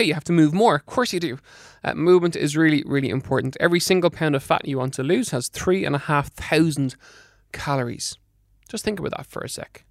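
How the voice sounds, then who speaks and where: Middle-aged male fitness coach, slightly high and gravelly, emphatic podcast delivery. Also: dry recording, clean studio sound. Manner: emphatic, repeats words for stress; brisk, practical coaching. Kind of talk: advice talk to listeners.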